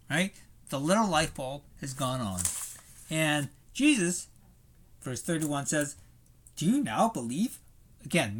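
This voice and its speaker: A man's voice: on the high side, bright, forceful tone. A man preaching a sermon in a conversational way, thinking aloud with fillers and rhetorical questions. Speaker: pastor.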